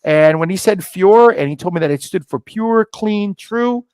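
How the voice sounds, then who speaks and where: The guest, a middle-aged man who founded a scotch brand, has a clear, resonant tone and talks at normal speed in a casual interview. He gets animated, springs into high, excited pitch as he retells events, acts out dialogue, and uses lots of fillers and restarts. The recording is dry and low quality.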